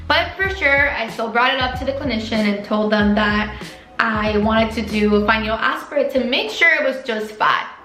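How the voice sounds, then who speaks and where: Young female vet-student vlogger, higher voice, chatty and emotional, roomy echo. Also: moderate pace, sharp tone, faint music behind. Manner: emotional, openly tearful at times; chatty with many likes and restarts. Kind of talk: personal vlog talking to camera.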